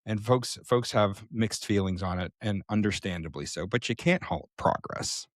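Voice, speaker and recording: A man co-hosting a casual podcast, explaining at length and thinking aloud with frequent pauses. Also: lowish voice, no room sound, clean studio sound. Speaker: podcast co-host.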